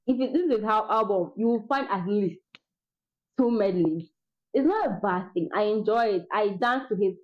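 A young woman chats casually to her viewers. She laughs often and now and then sings a line or two. Her voice sits at a middling pitch, and the recording sounds dull and lo-fi. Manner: chatty, laughs often, sings snatches of songs. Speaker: vlogger. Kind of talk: casual chat.

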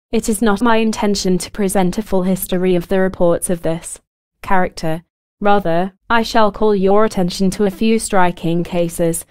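A woman narrating an occult book in an even, formal reading style. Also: medium pitch, clear, resonant tone, no room sound. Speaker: audiobook narrator.

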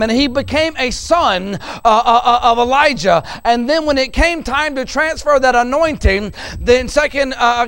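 Guy preaching, pretty high voice, goes from soft storytelling to loud. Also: clean tone. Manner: builds from quiet storytelling to loud emphatic preaching. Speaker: pastor. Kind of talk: sermon.

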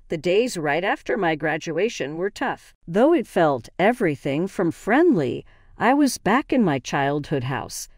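A woman narrating a first-person family story in a steady, slightly stilted way. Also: on the low side, no room sound, studio quality.

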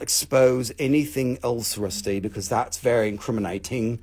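A man's voice: mid-range voice, normal speed, hardly any pauses, a little mellow. A man hosting a live stream and selling rocks and crystals, with a playful, rambling, joking sales patter that repeats itself.

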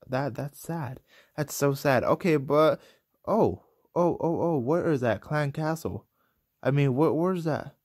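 A young man casually commentating his own gameplay, excitable and rambling, quick to get frustrated. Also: medium pitch. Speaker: gaming commentator.

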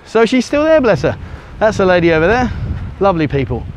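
High-pitched and sing-song, a man's slightly fast voice comes through with a little hiss or hum as he vlogs on a sunny beach. He rambles to the handheld camera he turns around, with lots of ums and uhs, slightly out of breath from the sand.

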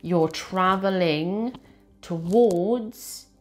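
A woman with a fairly low voice talks through a tarot card reading. She speaks earnestly and with feeling, circling back over her phrases. Soft music plays faintly behind her. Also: very slow. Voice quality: earnest, emotional, repetitive phrasing. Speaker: tarot reader.

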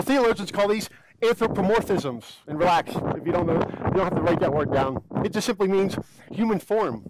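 A man's voice: high voice, heavy background noise. A male pastor preaching a sermon in an earnest way, often repeating words as he goes.

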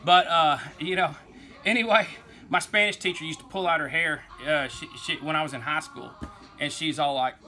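A man's voice: a little high, normal speed, pushed and bright. A man with an East Texas accent, hosting a toy collecting vlog in a folksy, rambling way. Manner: rambling, folksy, says y'all, laughs easily. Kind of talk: casual rambling toy talk.

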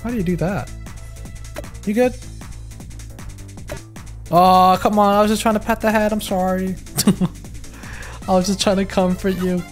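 A gaming YouTuber giving excitable let's play commentary, swearing and stammering as he reacts to the game. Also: medium pitch, a little slow, long pauses, soft background music.

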